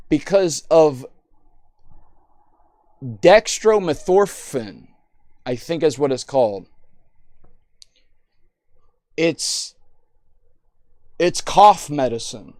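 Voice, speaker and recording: Young male streamer host, teasing and rambling; smooth, slightly high voice. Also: animated, very slow, long pauses, a little mellow, no room sound, clean studio sound. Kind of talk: casual voice chat banter.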